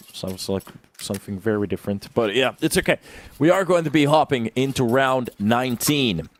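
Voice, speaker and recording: A young man giving live play-by-play commentary on an esports match, swinging from calm analysis to loud bursts of excitement. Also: a little hiss or hum. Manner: calm analysis that jumps to loud, high-pitched excitement on big plays. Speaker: esports caster.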